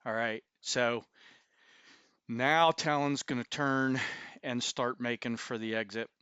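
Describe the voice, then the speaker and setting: A man playing a tabletop game, slowly and carefully describing what his character does. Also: mid-range voice, fairly even intonation, pushed and bright, smooth, no echo. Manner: slow, measured describing of his character's actions. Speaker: player.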